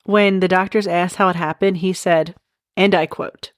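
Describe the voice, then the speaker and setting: This podcast host is a woman with a lowish voice, fairly even intonation and a moderate pace, recorded with clean studio quality and no echo. She chats casually on a comedic true crime podcast, giggly throughout and repeatedly breaking into loud, cackling laughter.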